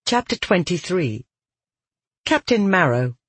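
Slow, husky audiobook narrator. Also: mid-range voice, sing-song, fairly bright tone, no echo. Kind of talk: scripted fantasy narration.

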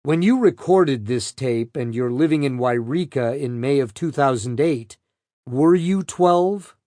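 A man reading the part of a defense lawyer questioning a witness in a measured, pointed way. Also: medium pitch, expressive, mellow, no room sound, studio quality, close to an everyday voice.

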